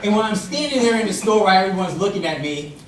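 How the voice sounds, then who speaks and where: Animated young man telling a funny story. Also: sits high, quick pace, background noise. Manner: animated storytelling, acts out voices. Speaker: contest speaker. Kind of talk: humorous contest speech. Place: large hall with audience. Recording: distant mic in echoey hall with audience.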